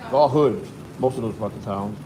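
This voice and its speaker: A man from Chicago, a guest, telling stories fast and swearing often. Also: medium pitch, background noise. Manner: fast, profane storytelling. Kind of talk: casual chat.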